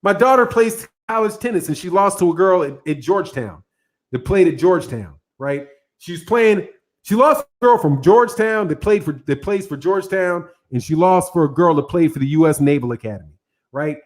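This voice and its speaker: High-voiced man ranting about boxing. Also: moderate pace. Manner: animated, repetitive, talks straight to viewers; laughs often between points. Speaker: boxing channel host. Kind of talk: casual reaction commentary.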